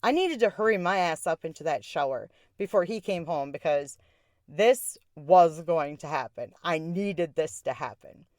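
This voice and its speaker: A woman's voice: low-pitched, expressive, normal speed, darkish tone, no echo, clean studio sound. Sarcastic woman telling a story. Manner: candid, sarcastic, laughing at her own story. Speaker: podcast host. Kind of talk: casual storytelling.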